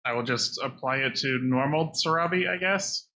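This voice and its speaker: A man playing a tabletop game, throwing out quick wisecracks between his turns. His voice is strikingly bright and sharp, sitting at a middle pitch. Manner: joking, wisecracking. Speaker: player. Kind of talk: casual tabletop play.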